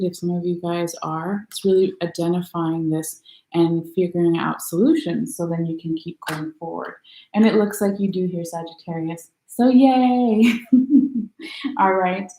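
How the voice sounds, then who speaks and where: Tired, chatty woman tarot reader, lowish voice, laughs a lot, echoey room. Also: darkish tone. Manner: chatty, laughs often, corrects her own slips. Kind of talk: casual live tarot reading.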